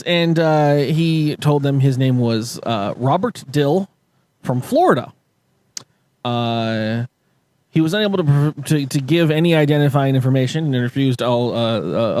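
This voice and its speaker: A man's voice: mid-range voice, a little mellow, dry recording. A man telling stories on a casual podcast, rambling with many fillers and restarts and laughing often. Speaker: podcast co-host.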